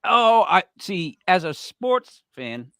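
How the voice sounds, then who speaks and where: Co-host, man, New York Italian accent, slightly higher voice, dry close sound, animated and joking. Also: slow, vocal fry, clean tone, dry recording. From Rhode Island. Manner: animated, talks over others, joking. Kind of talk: casual chat.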